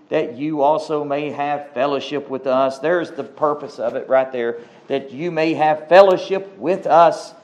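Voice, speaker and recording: A man preaching a sermon, slow and emphatic, repeating key words for weight. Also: a little high. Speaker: pastor.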